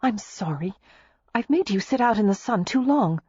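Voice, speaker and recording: A woman voicing a lively young American heiress who speaks in quick, bright exclamations. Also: mid-range voice, slightly rough, dry recording, pitched above the performer's own voice. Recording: slightly muffled lo-fi recording.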